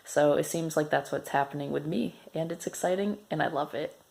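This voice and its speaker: A man's voice: on the high side, brisk, vocal fry, a little mellow. A man recording a casual video diary, speaking matter-of-factly. His voice is cracky. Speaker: vlogger.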